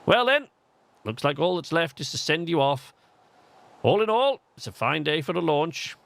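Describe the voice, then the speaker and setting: A man's voice: fairly high pitch, big pitch swings, normal speed, gravelly, dry recording, pitched above the performer's own voice, exaggerated voice. A man putting on an upbeat English alien astronomer. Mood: encouraging. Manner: warm, encouraging, chatty. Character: cheerful male alien astronomer, friendly mentor.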